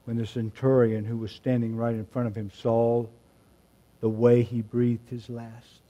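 A man preaching a sermon, moving between quiet reflective passages and loud emphatic shouts. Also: mid-range voice, level tone, measured pace, lo-fi sound. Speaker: pastor.

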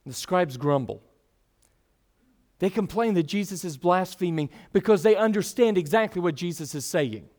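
A man's voice: sits high, expressive, normal speed, a little mellow. A man preaching a sermon, teaching earnestly with rising and falling emphasis.

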